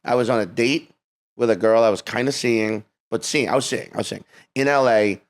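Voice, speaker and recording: A man from Louisiana, a comedian guesting on a podcast, telling stories in casual chat, lively and profane, acting out the voices of the people in them. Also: mid-range voice, fairly quick. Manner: lively storyteller, swears, acts out voices.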